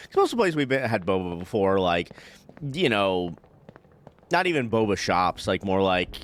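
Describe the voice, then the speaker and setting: A man's voice: mid-range voice, sing-song, brisk. A young man rambling through casual stories while streaming a game, laughing often, with many fillers. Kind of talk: casual let's-play chat.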